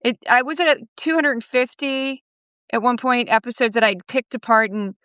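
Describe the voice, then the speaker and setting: Smooth-voiced woman chatting as a guest. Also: on the high side, moderate pace, dry recording. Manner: animated storyteller, mimics others in quotes. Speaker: guest commentator. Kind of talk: casual interview chat.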